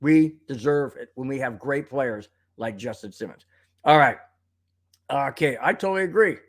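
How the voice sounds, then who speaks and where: Ranting in a worked-up way, a live show host with a mid-range, expressive voice runs a sports talk stream at a moderate pace. He reads out viewers' comments and occasionally coughs because of a tickle in his throat.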